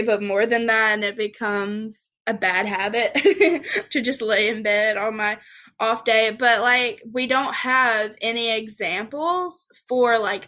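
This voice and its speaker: A woman's voice: medium pitch, a bit bright, rough recording. A young woman with a Southern US accent, chatting candidly as a podcast guest and laughing often. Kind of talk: casual chat.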